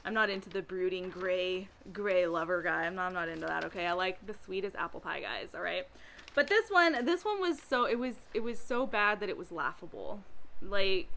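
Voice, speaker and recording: A woman's voice: mid-range voice, sharp tone. A young woman chatting casually about books she read, laughing often and acting out characters in mocking voices. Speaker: book reviewer. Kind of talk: casual book review chat.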